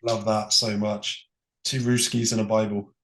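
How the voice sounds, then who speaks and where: A British man co-hosting a podcast in relaxed, rambling chat full of ums and likes. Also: fairly low pitch, a little slow, echoey room. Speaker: podcast co-host. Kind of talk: casual Bible study chat.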